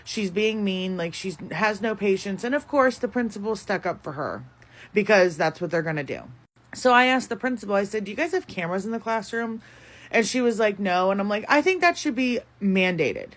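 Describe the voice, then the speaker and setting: A woman's voice: mid-range voice, animated. Frustrated mother venting in casual talk. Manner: frustrated, talks fast with many fillers like "like" and "you know". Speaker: parent telling a story. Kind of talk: casual storytelling monologue.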